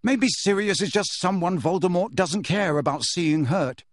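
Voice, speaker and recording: A man's voice: high voice, moderate pace, no room sound, studio quality, voice pushed up. A man reading aloud and voicing an agitated teenage wizard boy who talks urgently and defensively.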